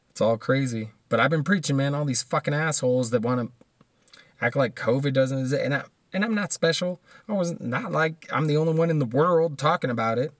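A man's voice: mid-range voice, normal speed, no room sound, studio quality. Profane ranting man. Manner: profane, laughs often, trails off and restarts. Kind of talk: casual ranting monologue.

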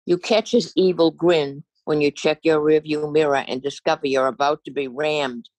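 A woman's voice: low-pitched, fairly even intonation, normal speed, darkish tone, no echo, poor audio. An older woman from Massachusetts reading her own humorous essay aloud with a wry, dry storytelling manner. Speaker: essay reader.

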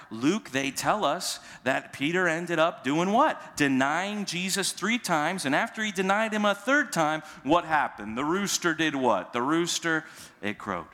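A pastor delivers a sermon in a relaxed, conversational way, a man with a slightly high voice. He keeps asking his listeners questions and slips into casual everyday speech when he acts out quoted lines.

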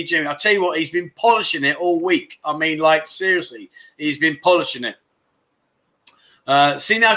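Middle-aged British male streamer, cheeky banter, high, sharp-edged voice. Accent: British English. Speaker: livestream host. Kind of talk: casual livestream chat.

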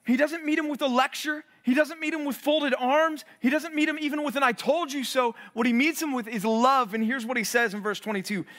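A high-pitched man delivers a fervent sermon as a pastor. He swells with intensity, then drops low and quiet for emphasis, repeating phrases as he presses his point. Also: steady tone, brisk, few pauses. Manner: earnest preaching, voice swelling and dropping low for emphasis; repeats and restarts words while building intensity.

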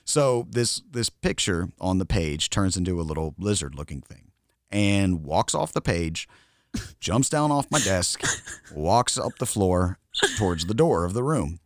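A man's voice: sits low, expressive, unhurried, no room sound, clean studio sound. A man co-hosting a podcast, telling a story casually and laughing often as he goes. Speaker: podcast co-host.

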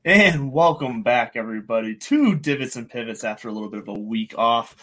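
A man's voice: mid-range voice, animated, a little fast, noisy background. A man in his thirties hosting a casual golf podcast, talking in a rambling way with restarts and chuckles. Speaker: podcast host. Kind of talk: casual chat.

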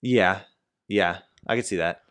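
A young man co-hosting a sports podcast in a relaxed drawl that jumps up loud when he gets excited. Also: low-pitched, unhurried, clean tone. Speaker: podcast co-host. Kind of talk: casual sports chat.

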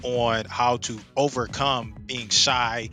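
A man's voice: mid-range voice, steady tone, slow, sharp tone, faint music behind. A middle-aged man coaching real estate marketing in a casual presentation, often checking in with "right?".

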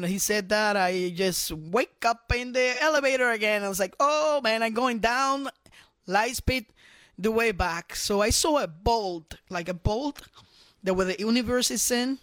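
A middle-aged man, a guest on a faith program, telling his personal testimony with animated, repetitive storytelling. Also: sits high, no room sound.

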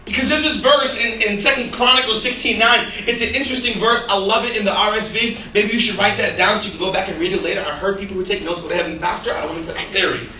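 A man preaching as a pastor, an animated storyteller who laughs and acts out the dialogue. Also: high-pitched, fast, few pauses, muffled recording, slight background noise. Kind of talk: sermon with storytelling. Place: church sanctuary. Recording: echoey room from a distant mic.

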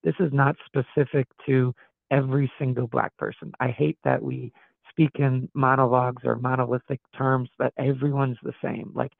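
Gravelly-voiced pastor on a tinny line. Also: male voice, medium pitch, little pitch movement, normal speed, no room sound. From Wisconsin. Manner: earnest, reflective, thinks aloud with frequent restarts. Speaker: guest pastor. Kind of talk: podcast interview. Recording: tinny phone-like dry sound.

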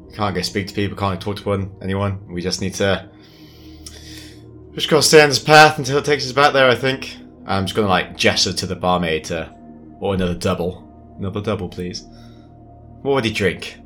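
A man playing a tabletop game, talking in a low-key, sighing way. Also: a little fast, fairly bright tone, soft background music. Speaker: player.

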